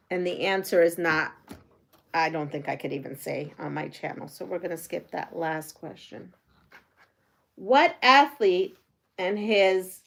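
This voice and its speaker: Unhurried woman chatting on a sewing stream. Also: fairly low pitch, gravelly, fairly bright tone, a little hiss or hum. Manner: chatty, answers viewer comments and trivia questions as she works. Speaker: quilting channel host. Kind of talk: casual live-stream chat while sewing.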